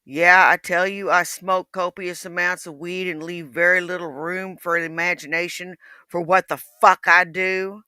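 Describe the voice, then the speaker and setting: A man's voice: high voice, flat delivery, normal speed, sharp tone, clean tone, no echo, clean studio sound. A man chatting casually, in a blunt and offhand way with some swearing. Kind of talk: casual livestream chat.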